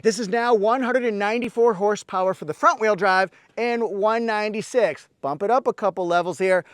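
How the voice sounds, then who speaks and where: Excitable high-voiced man reviewing a car. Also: no echo. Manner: excitable, exclaims often.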